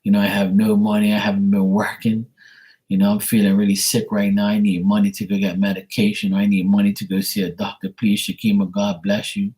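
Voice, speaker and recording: A man's voice: lowish voice, completely flat delivery, brisk, a little mellow, lightly acted. A man putting on the voice of an adult who pleads for money by claiming to be sick, in a whiny, begging tone. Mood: pleading.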